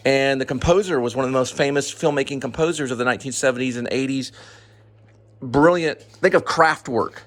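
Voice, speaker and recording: A man's voice: mid-range voice, fairly quick. A middle-aged man, co-host of a home vlog, chatting casually over a meal and often losing his train of thought.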